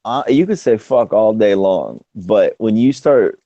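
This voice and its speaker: Mellow low-voiced man, dry lo-fi sound. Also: lively intonation, measured pace, no echo. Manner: laid-back, crude joking, laughs often. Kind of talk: casual chat. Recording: dry, dull lo-fi audio.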